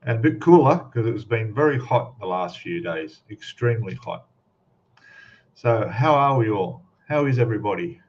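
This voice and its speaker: A man's voice: on the low side, animated, moderate pace, muffled recording. A man with an Australian accent hosting a casual live stream, chatting and greeting viewers by name with plenty of fillers.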